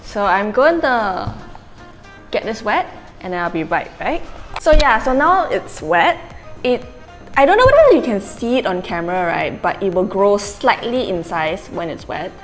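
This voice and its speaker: A woman's voice: medium pitch, sing-song, moderate pace, soft background music. A young woman from Malaysia, chatting casually in a beauty vlog, rambling with lots of fillers. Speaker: beauty vlogger. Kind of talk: casual chat.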